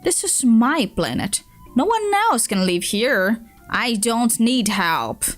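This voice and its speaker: A woman reads out a crude, bad-tempered alien boy who snaps back in a high, lively voice, slow and deliberate. Faint music plays behind her. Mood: demanding. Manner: brash and foul-mouthed. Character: rude arrogant alien boy, crude and stubborn. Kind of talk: reading a web comic aloud.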